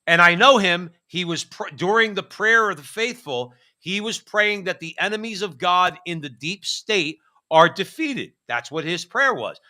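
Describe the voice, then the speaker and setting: A man's voice: high voice, animated, a little slow, sharp tone. A man co-hosting a political talk show, ranting emphatically with frequent restarts. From United States. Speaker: co-host. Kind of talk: political commentary chat.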